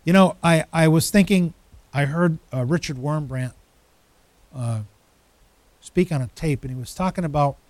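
A man's voice: on the high side, normal speed, pauses often, darkish tone, no room sound. A man preaching a sermon as pastor, emphatic, building through repeated phrases.

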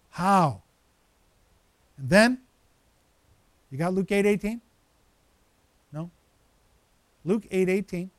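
A male pastor preaching a conversational sermon, lively and animated, with frequent asides to the congregation. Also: high-pitched, slow pace, pauses often, no echo.

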